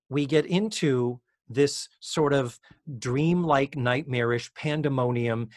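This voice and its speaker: A man's voice: medium pitch, measured pace, dry recording, clean studio sound. A man co-hosting a podcast, recapping an episode in casual chat and acting out the lines he quotes. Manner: animated, acts out quotes in raised voices. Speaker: podcast co-host.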